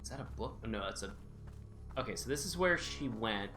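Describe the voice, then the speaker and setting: A man's voice: fairly low pitch, expressive, fairly quick, pushed and bright. A man streaming a video game live, keeping up a jokey, nervous running commentary to himself. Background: game music.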